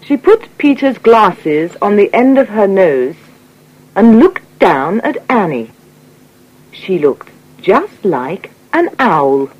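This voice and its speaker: A woman reading an English coursebook unit aloud in clear, scripted narration. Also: medium pitch, highs cut off. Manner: clear, measured reading with lively intonation. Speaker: textbook audio reader.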